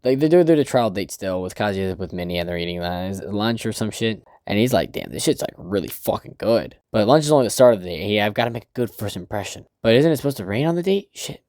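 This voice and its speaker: Casual male reviewer, swears a lot, laughs often, lively pitch, dry recording. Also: quick pace, hardly any pauses, no echo. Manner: loose, profane, laughing, puts on character voices. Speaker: manga reviewer. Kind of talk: casual chapter recap.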